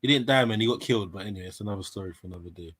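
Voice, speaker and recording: A man's voice: fairly low pitch, rapid-fire, fairly bright tone, breathy edge. A Jamaican man, chatting on a live panel in a laid-back, slangy way, getting defensive as he jokes. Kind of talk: casual panel chat.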